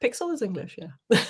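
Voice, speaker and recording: A young woman co-hosts a writing sprint livestream, chatting casually, reading viewer comments aloud, and laughing a lot. Her voice is a little high, mellow, and slightly rough.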